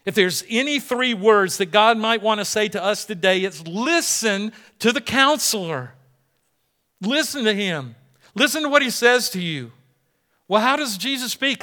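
Male pastor, middle-aged, bright and slightly high voice, lively preaching with acted-out quotes. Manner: animated, acts out people in quoted dialogue. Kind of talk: sermon.

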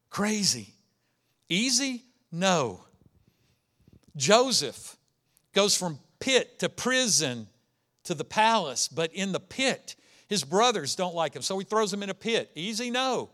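A man delivers a sermon, retelling Bible stories in an animated way and punctuating them with rhetorical questions. His voice sits high and sounds bright and forward. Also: unhurried. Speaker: pastor.

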